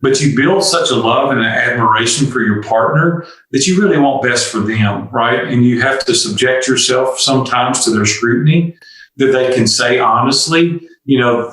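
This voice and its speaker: A man's voice: medium pitch, moderate pace, a bit bright, recorded from a distance. Earnest older man in an echoey room. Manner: earnest, confessional, acts out dialogue. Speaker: guest entrepreneur. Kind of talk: candid storytelling interview.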